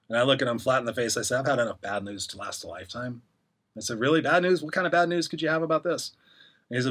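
Middle-aged male guest, husky and quick, rambling anecdotes with acted-out quotes. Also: medium pitch, fairly bright tone. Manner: rambling, acts out quoted voices. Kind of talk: casual storytelling interview.

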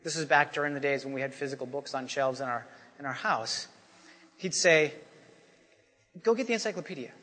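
A man's voice: medium pitch, steady tone, a little fast, bright, forceful tone. A male pastor preaching a Sunday sermon in a conversational way, repeating refrains and tossing in "you know" and "right?". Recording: long hall reverb.

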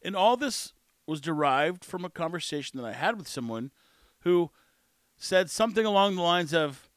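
Blunt, sarcastic man, opinion monologue, fairly high voice, dry close sound. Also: animated, moderate pace, no room sound.

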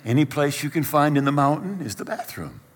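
Animated pastor in an echoing hall. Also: male voice, fairly high pitch, a little fast, slight background noise. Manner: animated, self-deprecating storyteller acting out scenes. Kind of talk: storytelling sermon.

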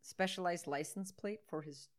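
A woman's voice: fairly low pitch, moderate pace. A woman co-hosting a podcast, chatting casually and sarcastically about a movie, swearing and laughing often. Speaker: podcast co-host. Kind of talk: casual movie-riffing chat.

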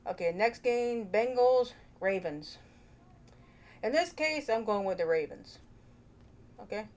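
Lady vlogging her picks, slow and chatty, playful, musing out loud. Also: on the high side, expressive, a little hiss or hum. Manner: chatty, playful, thinking aloud. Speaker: vlogger host. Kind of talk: casual picks vlog. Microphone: own microphone.

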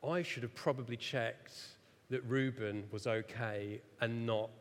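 With a medium-pitched voice and measured pace, this man in his thirties delivers a sermon built around a story at his own expense. Animated and self-mocking, he laughs at his failings, and the church hall adds echoey reverb.

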